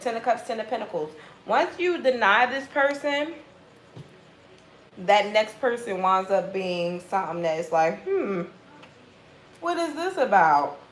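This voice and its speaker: A woman giving a casual tarot reading in a blunt, profane, animated way. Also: mid-range voice, roomy sound, slight background noise, poor audio. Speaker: tarot reader.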